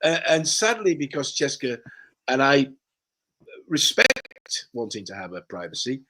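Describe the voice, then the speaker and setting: A man's voice: mid-range voice, big pitch swings, unhurried, bright, forceful tone. A man, a guest author in a casual conversation, who tells stories animatedly and acts out the dialogue. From Yorkshire, England.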